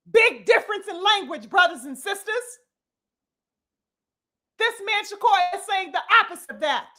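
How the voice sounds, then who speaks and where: A woman's voice: extremely high pitch, expressive, moderate pace, pauses often, pushed and bright. A woman giving a heated, profane commentary monologue with emphatic delivery and frequent "you know" fillers. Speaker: boxing commentator.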